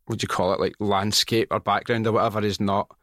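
A Scottish man hosts a podcast, asking rambling, curious questions and throwing in jokes. His voice sits a little low for a man. The sound is dry and close. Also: level tone, quick pace, a bit bright, no room sound. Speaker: podcast host. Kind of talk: casual interview chat.

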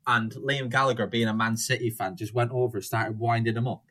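A man's voice: mid-range voice, steady tone, brisk, a bit bright. A young man in casual chat, rambling through anecdotes, swearing freely and acting out quotes.

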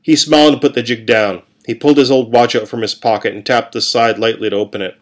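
A man reading a first-person story aloud in a calm, steady way. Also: mid-range voice, fast.

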